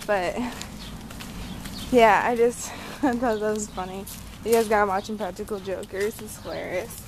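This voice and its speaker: A woman's voice: medium pitch, fairly even intonation, a little slow. A young woman chatting casually to the camera while filming her pets in the yard, giggling and talking to her dog in a sing-song voice. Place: outdoors in a yard. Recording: noisy outdoor home video.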